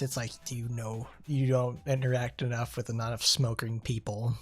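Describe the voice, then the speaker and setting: A man's voice: mid-range voice, flat delivery, quick pace, soft background music. Rambling male game streamer. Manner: rambling, chatty, laughs often. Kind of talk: casual gameplay commentary.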